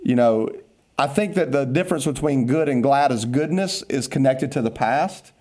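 Upbeat pastor, mellow voice. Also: male voice, mid-range voice, animated, moderate pace. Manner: upbeat, playful teasing, then earnest encouragement. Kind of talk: casual devotional podcast talk.

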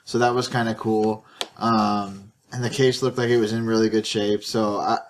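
A man's voice: on the low side, flat delivery, normal speed, a little hiss or hum. A man co-hosting a casual podcast, telling a long rambling story with many restarts and stammers. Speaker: podcast co-host. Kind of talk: casual chat.

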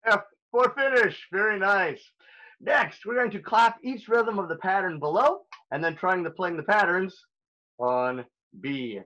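A man's voice: high voice, lively intonation, a little slow, bright, forceful tone, rough recording. A man teaching a recorded elementary music lesson, upbeat and playful as he talks straight to young children.

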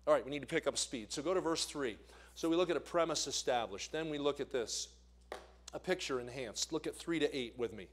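A man preaching as an evangelist in a church, swinging between loud emphasis and quiet asides. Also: on the high side, fairly quick. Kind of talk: sermon. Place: church sanctuary.

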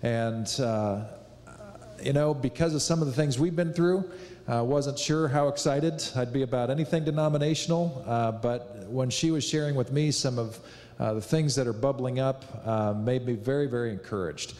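A male pastor introducing a guest speaker in a relaxed, hesitant way. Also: medium pitch, moderate pace. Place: church sanctuary. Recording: reverberant church hall.

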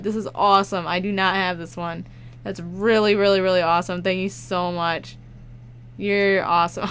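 A woman YouTuber chatting casually as she opens fan mail, excitable and quick to laugh, with bursts of shouting. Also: mid-range voice, smooth. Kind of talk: casual unboxing chat.

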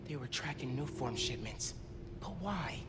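A man's voice: medium pitch, expressive, measured pace, very noisy, close to an everyday voice. A man voicing a determined teenage superhero in a video game, earnest and focused. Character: young male superhero, determined teen. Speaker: game character. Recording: loud game music behind. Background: loud game soundtrack.

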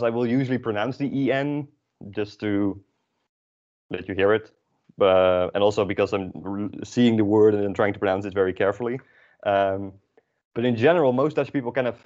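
Chatty male language teacher, lo-fi sound. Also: fairly low pitch. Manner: relaxed, chatty, explains with many fillers. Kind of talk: casual classroom lesson. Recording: dull lo-fi recording.

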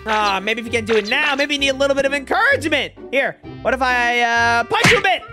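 A woman hosting an animated game video, talking excitedly and often panicking. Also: sits high, fast talker, music in the background. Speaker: host. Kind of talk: excited narrated game role-play.

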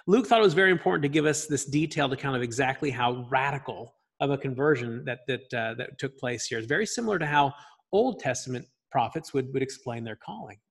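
A man leads a church Bible class with an animated, emphatic delivery. His voice sits a bit high and has a husky edge. He often turns to the room with a quick "right?". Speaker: Bible study teacher. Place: church classroom, also streamed online.

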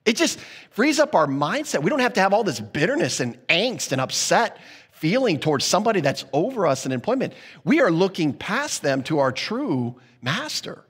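A man's voice: high voice, sing-song, normal speed, fairly bright tone, slightly rough, big-room sound. A man preaching a sermon as pastor, earnest and conversational, often restarting his sentences mid-thought.

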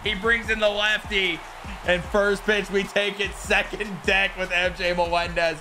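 A young man giving excited commentary over his own baseball video game, swinging between shouts and groans. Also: high voice, a little slow, over music. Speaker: gaming YouTuber.

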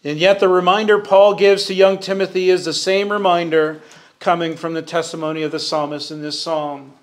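A man preaching a verse-by-verse sermon in a church sanctuary, his voice sitting a little high for a man. He speaks earnestly, lifts his voice to stress his points and asks the congregation to finish his sentences. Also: level tone, normal speed. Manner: earnest preaching, rising for emphasis, calls on the congregation to answer. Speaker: Bible teacher.

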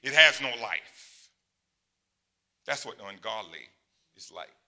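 A pastor in his sixties preaching a sermon in a conversational way, dropping to quiet asides and rising to loud, high exclamations. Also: animated, slow pace. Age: 60s.

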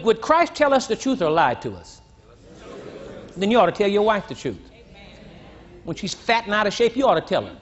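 An older man preaching a sermon to a congregation, teasing and blunt, rising to shouts and dropping low. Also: slight background noise. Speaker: pastor. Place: church. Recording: dull lo-fi church recording, faint crowd.

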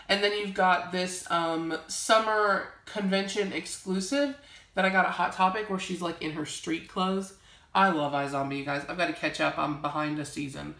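A woman's voice: lowish voice, a bit bright, reverberant. A young woman chatting casually to camera as she shows off her collection, gushing and rambling with lots of fillers. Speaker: vlogger showing a collection. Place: home library.

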